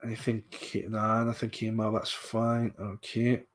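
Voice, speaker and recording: This podcast host from Scotland speaks in a lowish, monotone voice at an unhurried pace, with a mild Scottish accent. He chats casually while going through viewer comments, rambling with plenty of fillers and restarts.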